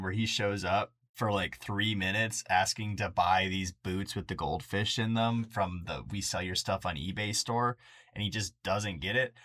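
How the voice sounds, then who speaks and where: A man's voice: fairly low pitch, fairly bright tone. A man co-hosting a casual podcast about a movie, laughing between points. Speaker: podcast co-host.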